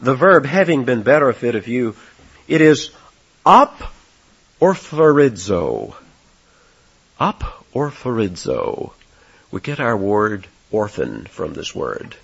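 Man, pastor, verse-by-verse sermon, lively rising and falling pitch, husky tone, muffled lo-fi sound. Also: a little slow. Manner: emphatic, swings between loud and soft for stress. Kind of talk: expository sermon.

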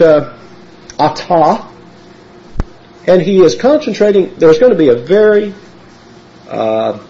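Male preacher, lively sermon delivery, mellow voice, muffled lo-fi recording. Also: a little high. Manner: animated, emphatic Bible teaching.

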